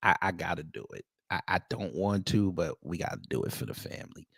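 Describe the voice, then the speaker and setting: A man's voice: sits low, sing-song, fairly quick, gravelly, a bit bright, slightly rough, no room sound, studio quality. A man hosting casual reaction commentary, talking to his viewers as family with frequent stammered restarts. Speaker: commentary show host.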